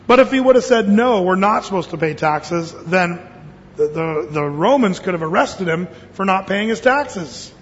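Male pastor, high voice, folksy joking sermon, dull recording with long hall echo. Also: lively intonation, normal speed. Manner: folksy storytelling with jokes and quoted voices.

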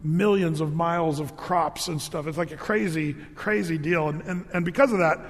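Preacher, male, high voice, chatty storytelling sermon in a reverberant hall. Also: normal speed. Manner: storytelling, animated with jokes and asides. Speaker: pastor.

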